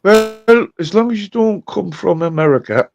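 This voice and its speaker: A man's voice: sits high, expressive, moderate pace, gravelly, dull audio, noisy background. A Scottish man streaming live, chatting casually, laughing and swearing, calling people mate. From Scotland. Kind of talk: casual livestream chat.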